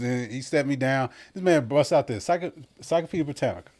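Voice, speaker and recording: A man, telling lively childhood stories as a podcast guest. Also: medium pitch, fast talker, hardly any pauses. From Memphis, USA. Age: 40s. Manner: animated, acts out other people's voices. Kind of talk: casual storytelling.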